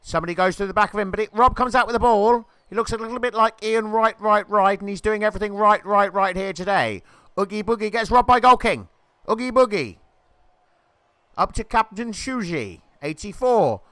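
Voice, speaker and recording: A man with a high voice does brisk, jokey football-style commentary over a video game match, rising to shouts at near misses and goals. There's no room sound.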